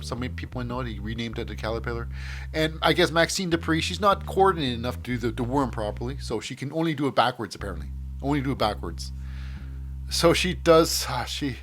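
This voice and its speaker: Man, podcast host, casual rambling recap, mid pitch, faint music behind. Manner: rambling, many fillers and restarts, acts out scenes.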